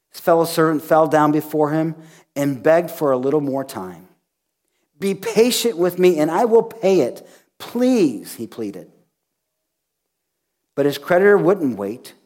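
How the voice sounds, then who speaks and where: A male pastor preaching a sermon, retelling a scripture story with acted-out dialogue. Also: sits high. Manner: animated storytelling, acting out dialogue.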